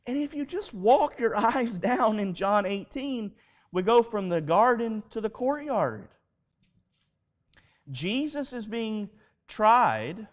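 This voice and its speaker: A man preaching a sermon at a live church service, telling stories in an animated way and acting out the dialogue. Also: high-pitched. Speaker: pastor.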